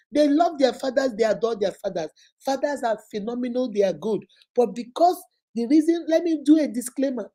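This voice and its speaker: A woman's voice: sits high, mellow, rough recording. A woman from Nigeria with a Nigerian accent, a schoolteacher giving a motivational talk to mothers, using emphatic, repetitive exhortation mixed with storytelling asides.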